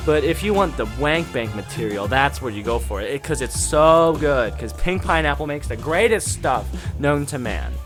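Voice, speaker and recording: Guy ranting about anime reviews, swears a lot, gets worked up, music playing under him. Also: medium pitch. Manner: rambling, profane, excitable ranting. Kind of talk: casual review monologue. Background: background music.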